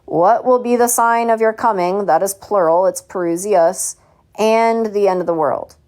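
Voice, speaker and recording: Leading a Bible study at home, this woman preaches with a mocking edge, posing rhetorical questions and reciting verses. Her voice is medium in pitch and a little mellow, at an ordinary pace.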